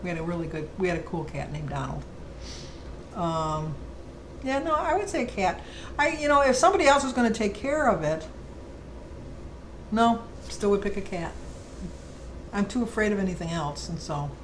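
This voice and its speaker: A woman's voice: mid-range voice, animated, normal speed, long pauses, slight background noise, low-quality recording. A middle-aged woman vlogger chatting casually and rambling fondly through a list of questions. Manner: chatty, rambling, fond storytelling. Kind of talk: casual chat.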